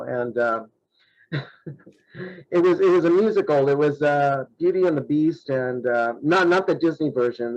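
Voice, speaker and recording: A man's voice: mid-range voice, a little mellow, lo-fi sound. A man being interviewed on a podcast, a self-described shy person telling stories in casual chat. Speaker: guest, horror host.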